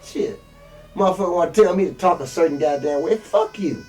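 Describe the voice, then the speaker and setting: A man preaching bluntly with heavy swearing, jumping from loud peaks down to low mutters. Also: brisk, far from the mic, faint music behind. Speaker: street preacher. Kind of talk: profane motivational sermon.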